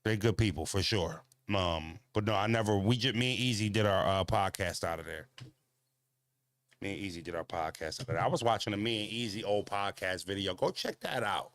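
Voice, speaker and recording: A man's voice: on the low side, a little fast, fairly bright tone, dry recording, clean studio sound. A man hosting a casual walking livestream, talking bluntly and profanely, rambling with lots of fillers and answering viewers' comments. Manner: talks back to viewer comments. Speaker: channel host.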